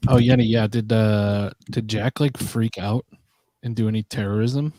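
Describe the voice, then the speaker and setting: A man's voice: lowish voice, fairly even intonation, moderate pace, dark tone, no room sound. A man co-hosting a casual talk show, sarcastic and profane, laughing often. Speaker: podcast co-host. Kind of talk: casual chat.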